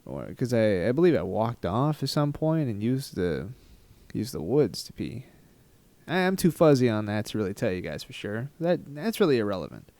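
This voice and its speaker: A man's voice: mid-range voice, very animated, moderate pace, darkish tone, dry recording. A man from Texas casually telling a travel story to his viewers, rambling and poking fun at himself. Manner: rambling, self-mocking, laughs at his own story. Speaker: vlogger.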